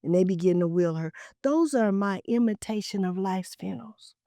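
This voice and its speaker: A woman's voice: lively intonation, normal speed, few pauses, no echo. Emphatic woman host, preachy and dry. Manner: emphatic and preachy, repeats phrases for effect; swings from loud and high to hushed, near-whispered asides. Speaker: talk show host. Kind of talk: heartfelt storytelling monologue.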